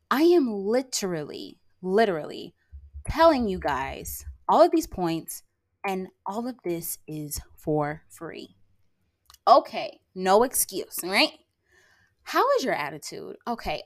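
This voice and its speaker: A woman hosting her own podcast in a casual monologue, sassy and emphatic, constantly checking in with "okay?" and "like". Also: lowish voice. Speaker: podcast host; lash artist and brow tattooer. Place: rural area.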